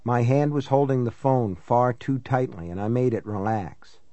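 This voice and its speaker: A man narrating a first-person novel in a measured, reflective reading. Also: mid-range voice, mellow, no echo. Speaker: audiobook narrator.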